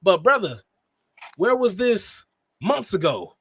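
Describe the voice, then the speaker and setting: Casting note: male podcast co-host, high voice, dry close sound, animated casual chat. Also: slightly rough, dry recording. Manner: animated, quick laughs and self-interruptions. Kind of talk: casual wrestling reaction chat.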